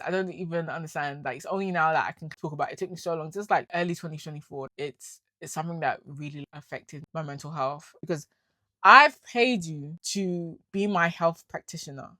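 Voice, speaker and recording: A young woman from the UK speaks candidly into a close, dry microphone with a fairly low voice. Her talk is casual and full of slang. She swings between quiet, weary asides and loud, indignant venting. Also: no room sound. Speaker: vlogger. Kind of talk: candid personal storytelling to camera.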